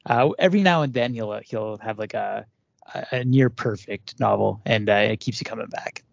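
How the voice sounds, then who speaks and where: A man co-hosting a podcast in casual chat, measured and thoughtful with hesitant pauses, recorded dull and dry. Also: fairly low pitch, gravelly, dry recording. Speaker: podcast co-host.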